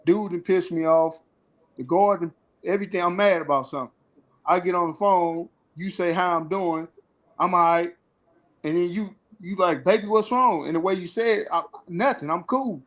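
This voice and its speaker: A man's voice: high voice, steady tone, normal speed, poor audio. A man speaking candidly on a panel, earnestly explaining how he felt on prison phone calls. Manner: earnest, acts out phone talk. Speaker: formerly incarcerated panel guest.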